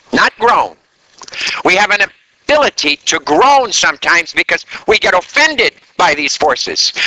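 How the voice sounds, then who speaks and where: A man preaching a sermon in an animated way, drawing call-and-response answers from the congregation. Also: sits high, a little hiss or hum, rough recording.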